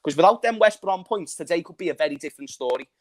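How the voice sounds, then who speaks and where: Hoarse, passionate fan. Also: male voice, fairly high pitch, animated, quick pace. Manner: passionate, ranting, bursts into laughing shouts. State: hoarse from shouting. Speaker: fan channel co-host. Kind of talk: excited football fan reaction chat.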